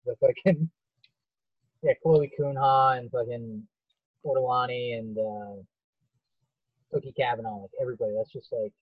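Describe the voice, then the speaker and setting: Husky-voiced man swearing through podcast banter. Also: medium pitch, steady tone, normal speed, pauses often, dry recording, phone-quality sound. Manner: profane, joking, mumbles off at line ends. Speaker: stand-up comic, podcast co-host. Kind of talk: casual crude banter.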